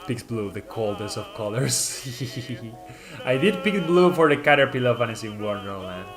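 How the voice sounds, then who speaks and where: A man of ordinary pitch talks loosely on a live stream, reading out viewer comments as he goes. He rambles, with lots of fillers and restarted sentences. Soft music plays faintly behind him. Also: lively intonation, brisk. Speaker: streamer presenting his channel mascot.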